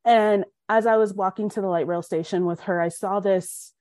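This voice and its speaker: With a medium-pitched voice at a moderate pace, a young Colorado woman guesting on a podcast frankly tells her life story, animatedly performing quoted dialogue. The recording is dry and has clean studio sound.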